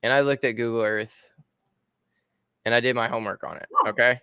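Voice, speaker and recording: Bright, crisp man walking through a screen share. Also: mid-range voice, steady tone, a little fast, no room sound, studio quality. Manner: explains step by step while sharing his screen. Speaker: guest co-host. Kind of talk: casual livestream walkthrough.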